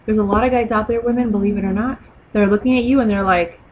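A woman's voice: medium pitch, fairly even intonation, fast, darkish tone, rough recording. Woman vlogging, sassy and blunt, lecturing you on manners, bit of faint hiss behind. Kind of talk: casual advice vlog.

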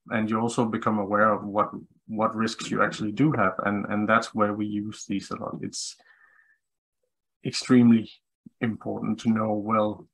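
A man's voice: fairly low pitch, poor audio. A man speaking as a guest specialist on a webinar call, thoughtful, with many fillers and restarts. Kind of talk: webinar discussion.

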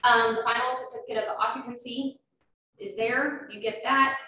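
A woman's voice: a little high, steady tone, normal speed, sharp tone. Woman explaining loans, echoey room. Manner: explanatory, filler-heavy. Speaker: loan officer presenting. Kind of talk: informal presentation. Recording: echoey room, far from mic, faint noise.

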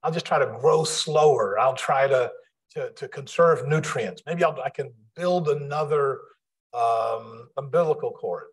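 A fretful unborn baby pictured as a scientist, as a lecturing man puts him on, murmuring quietly to himself. The voice stays slow and mid-pitched, and the musing sounds resigned. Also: breathy edge.

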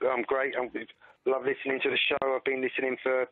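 A male caller on a radio phone-in, eager and friendly. His voice stays flat and mid-pitched. He comes through a tinny, phone-like line. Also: fast, dry recording. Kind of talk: phone-in call.

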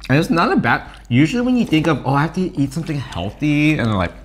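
A man's voice: a little high, fast. A young man co-hosting a mukbang, chatting casually and teasing himself playfully while eating. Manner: animated, playful and self-teasing. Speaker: co-host of a mukbang channel.

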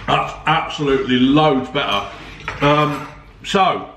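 A man's voice: a little high, takes it slowly, distant mic. A man chatting casually and joking as he reviews ready meals at home, swearing now and then. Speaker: food reviewer vlogger. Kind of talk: casual food review chat. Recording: roomy sound from off the mic, faint noise.

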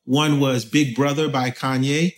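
A man from Haiti talking as an interview guest, telling stories in a loose, animated way with lots of fillers. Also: mid-range voice, a little slow. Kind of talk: casual conversation.

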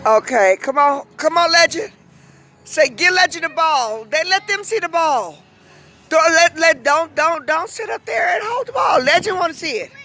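High, bright-voiced playful grandmother. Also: animated, normal speed. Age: older. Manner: playful cheering and coaching, teasing scolds. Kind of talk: casual family play.

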